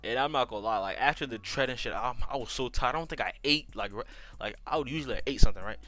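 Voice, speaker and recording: A man's voice: medium pitch, quick pace, sharp tone. A man with an African accent telling a casual storytime, slangy and profane, rambling with tag questions. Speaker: YouTube storyteller.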